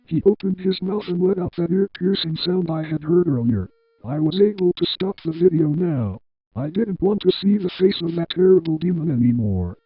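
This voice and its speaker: A synthetic text-to-speech man's voice reading a horror story in a flat, evenly paced way. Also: fairly high pitch, normal speed, husky, no room sound, dull audio. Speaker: narrator. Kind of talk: scripted horror story narration.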